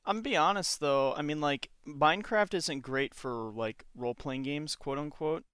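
Smooth-voiced joking young man host. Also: fairly high pitch, moderate pace, a bit bright, no echo, studio quality. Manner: joking, ironic, laughs often. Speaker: podcast host. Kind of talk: casual podcast chat.

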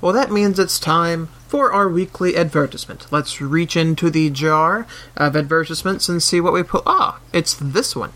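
Bright-voiced laid-back man hosting a podcast. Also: on the high side, normal speed, few pauses, slight background noise. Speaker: podcast host. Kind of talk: casual chat.

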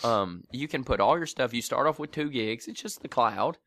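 A man's voice: mid-range voice, normal speed, no room sound. A man co-hosting a podcast, telling a story in casual chat and acting out the voices of the people in it, laughing often. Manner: animated, acts out voices in stories, laughs often. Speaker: podcast co-host.

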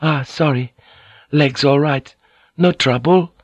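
A man's voice: no echo, dull audio. A man doing a thin-voiced, shy young noblewoman. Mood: pleading. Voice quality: thin, high voice. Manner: hesitant, halting apologies.

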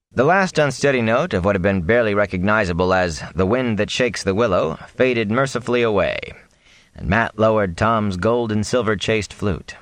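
Deep-voiced expressive male storyteller. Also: dry recording. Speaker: audiobook narrator. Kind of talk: scripted narration.

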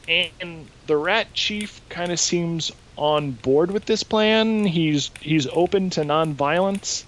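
A man hosting a podcast, casually recapping a show in an animated way and swearing freely. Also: a little high, rough recording. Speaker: podcast host. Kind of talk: casual chat, recapping an episode.

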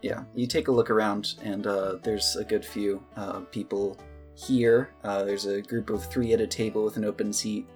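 A man's voice: fairly low pitch, level tone, normal speed, darkish tone, soft background music. A man narrating a tabletop game as game master, in a casual, joking way.

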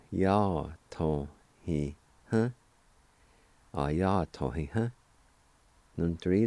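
A man's voice: low voice, mellow, dry recording. A man hosting a radio language lesson, spelling and pronouncing words carefully syllable by syllable and giving friendly reminders to listeners. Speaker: radio host and language teacher.

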